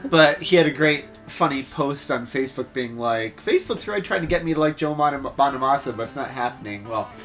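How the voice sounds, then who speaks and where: A man's voice: mid-range voice, lively intonation, brisk, few pauses, a bit bright, soft background music. Chatty man in casual band talk. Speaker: podcast guest, band member. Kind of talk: casual chat.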